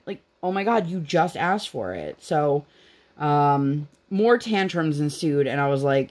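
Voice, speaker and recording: A woman's voice: low-pitched, expressive, normal speed, a little mellow. Chatty young woman crafting at home. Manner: chatty and rambling, many "like" fillers. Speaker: craft channel host. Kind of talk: casual chat while crafting.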